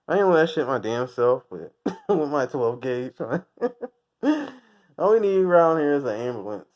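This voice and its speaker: A man's voice: medium pitch, lively intonation, normal speed. Laughing, swearing man on a dull recording. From United States. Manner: rambling, crude, laughs often at own jokes. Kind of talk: casual profane rant.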